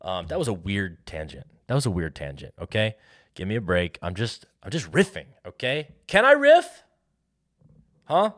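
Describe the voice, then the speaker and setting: A man's voice: deep voice, very animated, brisk. An American man hosting a solo podcast, rambling and riffing with lots of restarts and fillers. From United States. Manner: rambling, self-interrupting, riffing. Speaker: podcast host.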